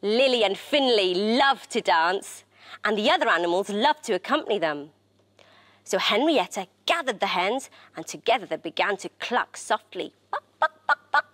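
A woman presenter reading a children's story aloud in an expressive, animated way. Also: mid-range voice, moderate pace, no echo.

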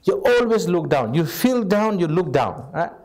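A man with non-native English giving an informal Buddhist teaching, lively and direct, checking in often with the audience. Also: sits high, moderate pace. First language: Tibetan. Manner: animated, asks "right?" constantly, non-native phrasing. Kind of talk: informal dharma talk.

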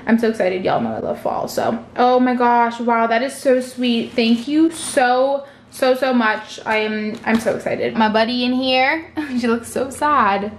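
A woman vlogging casually at home, gushing and excitable as she talks to the camera. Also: a little high, unhurried, hardly any pauses, echoey room, slight background noise. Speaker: lifestyle vlogger. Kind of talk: casual vlog narration to camera. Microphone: vlog camera mic.

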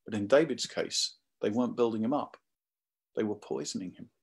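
A man preaching a sermon in a conversational, animated storytelling manner. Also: fairly low pitch, brisk, husky.

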